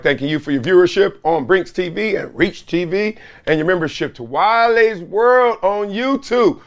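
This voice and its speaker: A middle-aged man hosting a solo sports commentary show, talking in an animated, sarcastic way with loud whoops, his voice hoarse. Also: high-pitched, normal speed.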